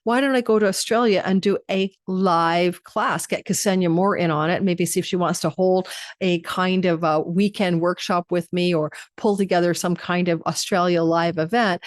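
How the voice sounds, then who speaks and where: A woman's voice: on the low side, brisk, no echo, studio quality. A middle-aged woman, an astrology host, talking casually to her viewers and telling a rambling story with frequent restarts.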